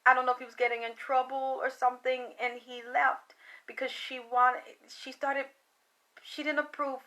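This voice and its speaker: Woman, bright voice, fairly high, tired late-night livestream talk, emotional, rambling. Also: little pitch movement, normal speed. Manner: emotional, rambling, trailing off into sighs. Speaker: psychic reader.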